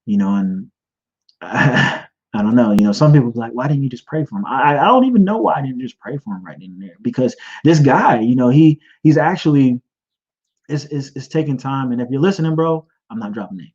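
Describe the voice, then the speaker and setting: A man speaking in a middle-pitched voice on his own podcast, telling a personal story. His talk is earnest and rambling, full of restarts and repeated words. The sound is dull and lo-fi. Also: expressive, moderate pace, darkish tone, breathy edge. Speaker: podcast host. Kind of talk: personal testimony.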